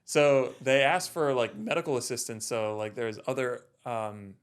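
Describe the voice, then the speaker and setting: Man, podcast co-host, casual storytelling, mid-range voice, animated, laughing. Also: medium pitch, moderate pace, clean tone. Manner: animated, laughing, repeats words as he tells a story.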